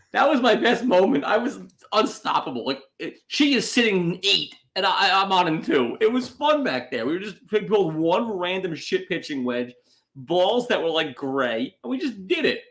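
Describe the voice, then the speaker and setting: A man's voice: high voice, very animated, moderate pace, a bit bright. A man co-hosting a podcast in casual chat, telling rambling, wry stories. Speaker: podcast co-host.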